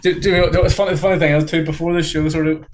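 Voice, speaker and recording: A man's voice: on the high side, level tone, very fast, slight background noise. A man chatting casually about wrestling on a podcast, rambling with many restarts. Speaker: podcast co-host.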